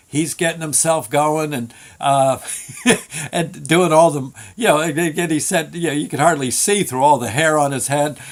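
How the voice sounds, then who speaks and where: A man hosting a show, telling a story in a casual, rambling way with many restarts and fillers. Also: a little high. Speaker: show host.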